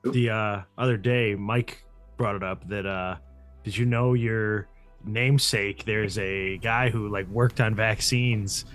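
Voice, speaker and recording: A man hosting a podcast, asking questions in casual chat, slow and hesitant with fillers. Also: fairly low pitch, steady tone, a bit bright, soft background music. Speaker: podcast host. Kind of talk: casual interview.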